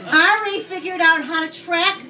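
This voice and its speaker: A woman's voice: extremely high pitch, a little slow, music in the background. A woman in her sixties giving a rambling, laughing birthday speech at an outdoor party, telling a story. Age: 60s. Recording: voice from a distance.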